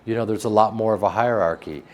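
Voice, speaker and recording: A man from the American Midwest with a flat Midwestern accent, answering interview questions about his acting work in a joking, self-mocking way. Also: on the low side, fast talker. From Chicago, American Midwest. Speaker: actor being interviewed.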